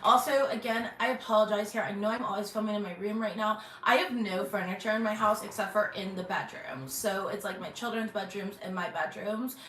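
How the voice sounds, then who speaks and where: A woman hosting her channel from her bedroom, giving a casual intuitive tarot reading, chatty with many "um"s and throat-clearings. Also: mid-range voice, a little fast, hardly any pauses, fairly bright tone. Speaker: tarot reader and channel host. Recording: echoey bedroom, faint background hum.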